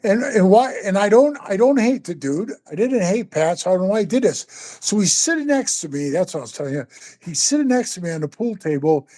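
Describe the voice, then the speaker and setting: A man's voice: high-pitched, lively intonation, a little fast, warm tone. An older man telling stories in a casual interview, rambling and profane, often calling the listener bro. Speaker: interview guest, former biker club member.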